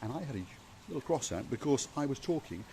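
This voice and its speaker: A man's voice: medium pitch, big pitch swings, fast talker, mellow, a little hiss or hum. A man hosting a vlog, giving a playful, theatrical guided tour of a hotel. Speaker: vlog host. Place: outdoors and indoors at a hotel.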